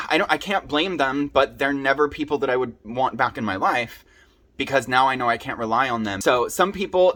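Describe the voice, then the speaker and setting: A man's voice: mid-range voice, a bit bright. A young man speaking earnestly and from the heart to his viewers, sharing advice from his own experience in a personal video. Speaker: vlogger sharing his recovery story. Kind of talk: personal advice talk to camera.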